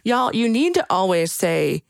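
A woman recapping a movie in casual chat, talking in an animated way with lots of "like" and restarts. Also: medium pitch, unhurried, creaky, no echo, clean studio sound. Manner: chatty, animated, many likes and restarts. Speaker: podcast co-host recapping a film.

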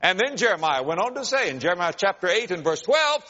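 Preacher with a lively, swooping voice. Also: male voice, big-room sound, dull audio. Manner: preaching with dramatic rises in pitch and volume on quoted cries; slow, emphatic repetition of key phrases. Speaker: pastor. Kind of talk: sermon.

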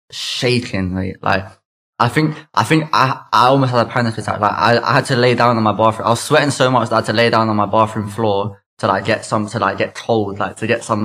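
A man in his twenties with a London accent, a podcast guest telling a story in fast, slangy chatter full of "like" and "mate". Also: fairly low pitch, a bit bright. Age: 20s. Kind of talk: casual storytelling.

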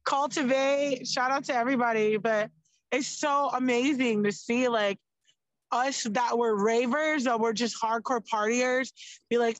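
Young woman podcast guest, chatty and animated, higher voice. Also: measured pace, dry recording, dull audio. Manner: animated, lots of "like", swears freely. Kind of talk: casual chat.

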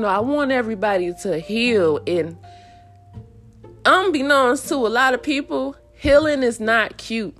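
A woman talks straight to her audience in a loose, informal monologue, hammering her points home with repeated phrases. Her voice sits at an ordinary middle pitch, neither high nor low. Faint music plays quietly underneath. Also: normal speed. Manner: emphatic and preachy, with laughs and repeated phrases; informal dialect grammar. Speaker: vlogger sharing her personal story. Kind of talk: casual monologue to camera.

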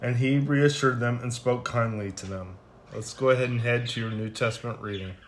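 Guy reading bible passages out loud, plain steady voice, mid pitch, trips over a word here and there. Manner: plain unhurried reading with small stumbles and restarts. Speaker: scripture reader. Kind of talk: reading scripture aloud, then closing prayer.

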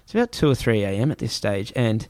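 A man telling a travel story in casual chat, animated and swearing, acting out other people's voices. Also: on the low side, fast, no echo.

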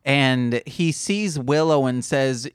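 A young woman with a notably low voice co-hosting a casual chat podcast. She talks bluntly and swears freely. Her voice is close and dry, with no room sound. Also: takes it slowly, smooth, no room sound. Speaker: podcast co-host.

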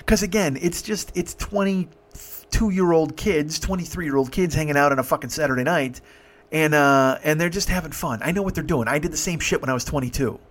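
A man in his fifties telling a story casually, swearing freely and stopping to restart his sentences. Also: on the high side. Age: 50s. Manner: profane, halting, animated. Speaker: podcast host.

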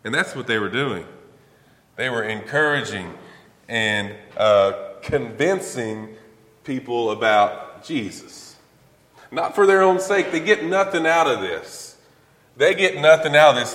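A man preaching a sermon, animated and emphatic, often repeating and restarting phrases. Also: medium pitch. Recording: echoey hall with long reverb.

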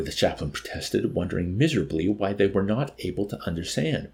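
A man reading a novel aloud as an audiobook narrator, measured and expressive. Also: low voice, vocal fry. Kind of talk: scripted narration.

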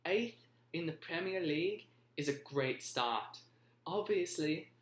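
A man's voice: fairly high pitch, fairly bright tone, voice pushed up. A man voicing a brash British football pundit and fan, in a strained mock British accent. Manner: upbeat, confident punditry. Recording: roomy echo.

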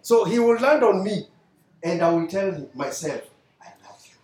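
A Kenyan pastor with a high, lively, darkish voice preaches at a moderate pace in an echoey church hall. Mixing English and Swahili, he leads call-and-response and acts out his mentor's lines.

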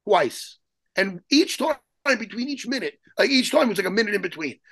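A man telling a story as a guest in an interview, excitable and profane, rambling and restarting his sentences. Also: high voice, moderate pace, creaky, breathy edge, no room sound. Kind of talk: animated storytelling in a podcast interview.

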